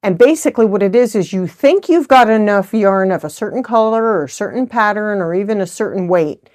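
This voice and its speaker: A middle-aged woman chats casually on her crafting vlog. She rambles along in a good-humored way. Her voice sits at an ordinary mid pitch. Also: animated, fairly quick, a little mellow. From United States. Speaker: host of a knitting channel. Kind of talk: casual chat.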